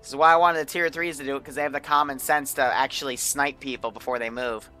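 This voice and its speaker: A man's voice: medium pitch, fairly even intonation, quick pace, sharp tone, soft background music. A man running a multiplayer military game on a livestream, talking casually and bossing players around with plenty of swearing. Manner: brash, profane, bossy toward players.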